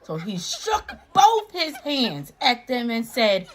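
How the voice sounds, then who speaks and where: Lively high-voiced woman reading to kids. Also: slight background noise. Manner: playful, asks young listeners questions, dramatic pauses. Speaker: children's story reader. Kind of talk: animated children's read-aloud.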